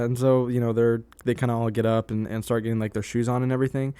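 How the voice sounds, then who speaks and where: A young man narrates a story for his vlog in a rambling, casual way, stopping and restarting his sentences. His voice is smooth and clear at a middle pitch. The sound is close and dry. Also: level tone, racing, hardly any pauses, mellow, no room sound. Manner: rambling, many fillers and restarts. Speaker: vlogger.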